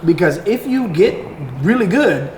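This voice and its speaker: An American man with a raspy voice, chatting casually as a podcast guest and telling relaxed stories. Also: high-pitched, measured pace. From United States. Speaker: guest content creator. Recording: echoey room with faint noise.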